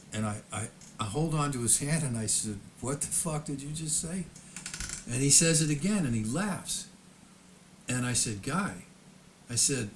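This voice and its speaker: A man's voice: mid-range voice, slight background noise. A man in his fifties or older telling a personal story off the cuff, profane and heated, stumbling over frequent stammered restarts. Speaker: storyteller recounting his own past. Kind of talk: unscripted personal storytelling monologue.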